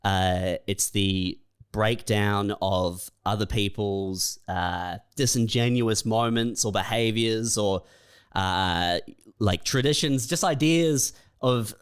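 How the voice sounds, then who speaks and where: Smooth-voiced man musing laid-back. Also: fairly low pitch. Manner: laid-back, halting, mock-philosophical. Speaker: podcast co-host. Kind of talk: casual comedic podcast chat.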